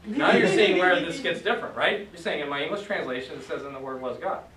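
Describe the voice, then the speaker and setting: A man teaching a class, upbeat, with a slightly high voice. He drills his students with call and response. He is recorded from across an echoey classroom, with faint noise in the background. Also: quick pace, pushed and bright, far from the mic. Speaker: Greek teacher. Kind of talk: classroom lesson.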